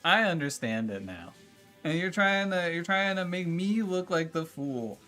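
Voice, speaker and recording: Exasperated ranting man, bright voice. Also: sits high, expressive, a little slow, soft background music. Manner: argumentative, talking back to chat. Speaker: streamer. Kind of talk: casual livestream chat with viewers.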